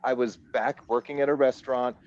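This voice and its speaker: Man in his 40s, musician guest, casual rambling storyteller, medium pitch, muffled lo-fi sound. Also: brisk. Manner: rambling, animated storyteller who laughs at himself. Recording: dull lo-fi audio.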